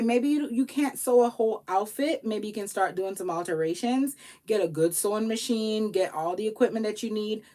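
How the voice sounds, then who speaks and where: A woman tax professional giving casual motivational advice to viewers, animated and pleading, acting out little quoted exchanges. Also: fairly high pitch. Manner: pleading, repeats herself for emphasis. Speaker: tax professional and business coach.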